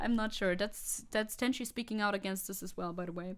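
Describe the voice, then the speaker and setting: A woman's voice: brisk, few pauses, clean tone. A young woman from Germany streaming as a VTuber, chatting casually with her audience, reading comments aloud and laughing often. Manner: chatty, laughs often, reads chat aloud, jumps high when excited. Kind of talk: casual livestream chat.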